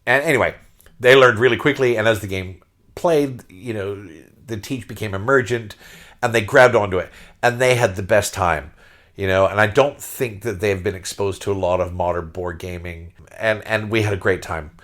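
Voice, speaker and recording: A middle-aged man hosting a podcast, telling a story in a casual, excitable way that often repeats words and restarts. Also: lowish voice, moderate pace. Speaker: podcast host.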